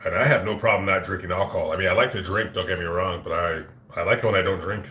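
A man hosting his own livestream, chatting casually and profanely with many halting restarts, on a phone mic. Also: sits low, sharp tone. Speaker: channel host on a livestream. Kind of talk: casual rambling livestream chat. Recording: echoey room.

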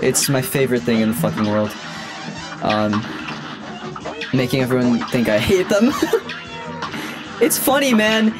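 Young streamer, lively swinging voice, laughs and swears through live gameplay with music behind. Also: medium pitch. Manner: laughs often, swears freely, teasing. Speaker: game streamer. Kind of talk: casual live gameplay commentary.

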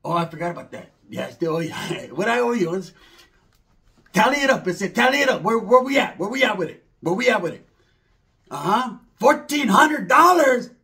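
A man's voice: sits high, sing-song, fairly quick, a bit bright. A man doing a rambling, slangy comedy monologue, mixing in Spanish words.

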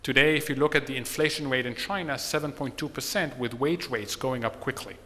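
Measured seminar speaker, bright tone, hall reverb. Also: male voice, medium pitch. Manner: measured, explanatory, tells a joke. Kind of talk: seminar talk. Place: conference hall.

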